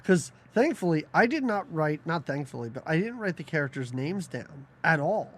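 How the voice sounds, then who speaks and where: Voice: mid-range voice, moderate pace. A podcast co-host in casual movie-review chat, mocking scenes and acting out lines from them. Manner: animated, mocking, acts out quotes from scenes.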